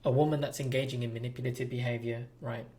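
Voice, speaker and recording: A man's voice: medium pitch, little pitch movement, fast, a little mellow. A man hosting a relationship advice talk, speaking bluntly and preachily straight to his viewers. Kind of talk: direct-to-camera advice monologue.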